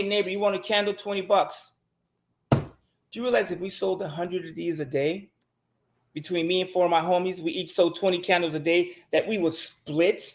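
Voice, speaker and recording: A man's voice: sits high, a bit bright, reverberant. A man talking casually and bluntly as a show guest, swearing often and pressing his money advice with emphasis.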